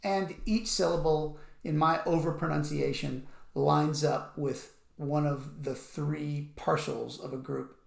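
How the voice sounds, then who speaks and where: A man teaching music rhythm, explaining patiently and counting beats out loud. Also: a little high, fairly even intonation, slow pace, vocal fry. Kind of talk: instructional explanation with counting aloud. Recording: echoey room.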